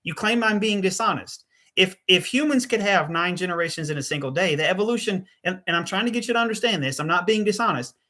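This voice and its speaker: Debate host guy, bright higher voice, keeps cutting in and repeating himself. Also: lively intonation, fast talker. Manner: presses callers, repeats phrases, interrupts. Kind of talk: live call-in debate.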